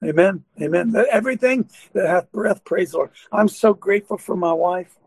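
An older man hosting a Christian call-in show speaks in a high, gravelly, husky voice. He preaches fervently and chuckles between lines. The sound is dry and close. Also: moderate pace, dry recording. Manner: fervent, preachy, laughs often. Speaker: radio talk show host.

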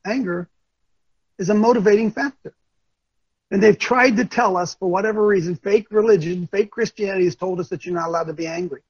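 A man's voice: sits high, a little fast, dry recording, highs cut off. An older man hosting a talk show, delivering impassioned, preachy commentary and often repeating himself. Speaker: show host.

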